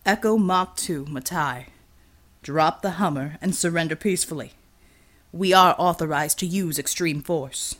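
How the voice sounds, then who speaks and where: A woman's voice: low-pitched, measured pace, a bit bright, voice pushed down. A woman voicing a stern male squad leader giving clipped orders. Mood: commanding. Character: stern male squad commander, calm under fire.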